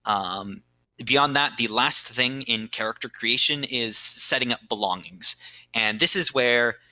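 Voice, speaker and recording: A man's voice: medium pitch, measured pace, bright, forceful tone, no echo, poor audio. A man explaining the rules of a tabletop game on a podcast, casual and full of fillers, with sudden bursts of emphasis.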